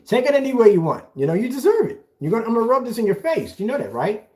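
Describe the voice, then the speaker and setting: Man, sarcastic callout rant, taunting, lively swooping pitch. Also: fast talker. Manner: mocking, sarcastic, repeats phrases to taunt. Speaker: video blogger. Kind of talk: ranting callout video.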